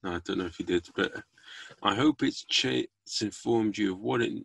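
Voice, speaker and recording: A man's voice: fairly low pitch, normal speed, creaky, a bit bright, dry recording. A man hosting a podcast, chatting casually and signing off with cheeky jokes. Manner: cheeky, jokey sign-off, plain-spoken. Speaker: podcast host.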